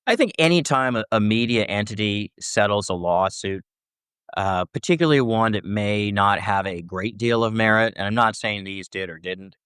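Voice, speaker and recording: Man, interview guest, scholarly explainer, frequent fillers, smooth tone, dry recording. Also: on the low side, normal speed, fairly bright tone, no room sound. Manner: talks in long explanations with many "right?" checks and "uh" fillers. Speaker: First Amendment scholar guest. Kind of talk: interview answers.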